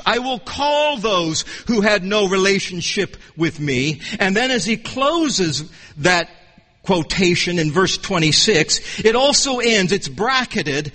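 Man, preacher, high voice, earnest sermon, repeats for emphasis, reverberant hall. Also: sharp tone. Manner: earnest, measured, with restarts and emphatic repetition. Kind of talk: expository sermon.

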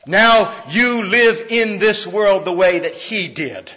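A man preaching a sermon in an emphatic, conversational way, swinging between loud, pressing lines and hushed ones, with frequent fillers. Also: high voice, big pitch swings, takes it slowly, long reverb tail, lo-fi sound. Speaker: pastor.

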